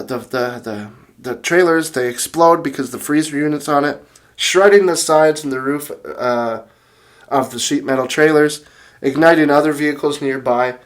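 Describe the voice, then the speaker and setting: Young male host, fairly high voice, rambling, excitable, casual retelling with lots of fillers. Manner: rambling with many restarts and fillers, laughs often; excitable, reads out quotes from notes. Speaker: music channel host. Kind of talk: casual video commentary retelling events.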